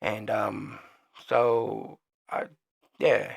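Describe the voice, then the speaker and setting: A man hosting his own podcast, speaking in a heated, profane and rambling rant, and he gets quieter as he signs off. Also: fairly low pitch, little pitch movement, drawn-out words, vocal fry, breathy edge. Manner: trails off quieter when signing off. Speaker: podcast host. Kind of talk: solo opinion rant.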